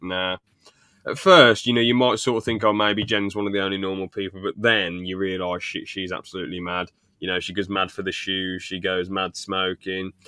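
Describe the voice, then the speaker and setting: On the low side but a bit bright, this young man's voice is clear and resonant in a dry recording. He's a podcast co-host recapping a sitcom in casual chat, meandering through scenes and laughing while retelling them.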